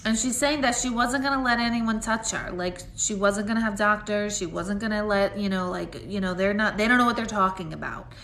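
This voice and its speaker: A woman's voice: medium pitch, brisk, few pauses, a bit bright, echoey room, a little hiss or hum. A woman doing a live psychic reading, talking in a chatty, rambling way with lots of "like" fillers as she answers her viewers. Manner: chatty, rambling, heavy use of "like". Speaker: intuitive medium.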